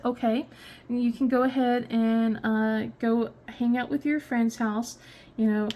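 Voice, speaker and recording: A woman's voice: fairly high pitch, a little hiss or hum. A woman in her thirties chatting casually as a crafting vlogger, telling a rambling story full of fillers and restarts. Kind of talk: casual chat while crafting.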